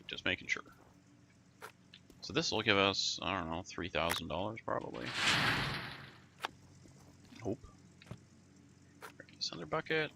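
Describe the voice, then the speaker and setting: A man's voice: low voice, gravelly, pushed and bright, a little hiss or hum. A man giving casual, rambling commentary while playing a video game, musing aloud with plenty of fillers. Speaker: gaming YouTuber.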